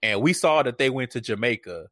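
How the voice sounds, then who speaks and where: A man co-hosting a casual chat, recapping a reality show in a profane, animated way and acting out what people said. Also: mid-range voice, brisk, dry recording, studio quality. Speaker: podcast co-host.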